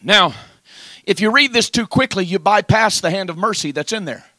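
Male preacher, sermon delivery, emphatic rhythmic cadence, sharp voice. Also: high voice, lively intonation, normal speed, no echo.

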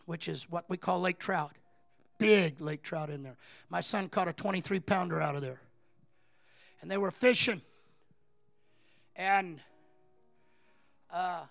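A man preaching a sermon, his voice strikingly high yet gravelly with fry. He tells stories with a dry, close sound and swings from quiet, conversational telling to full-throated shouting. The delivery is that of a pastor carrying a congregation along. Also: dry recording. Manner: builds from low conversational storytelling to shouting preaching. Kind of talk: sermon with storytelling.

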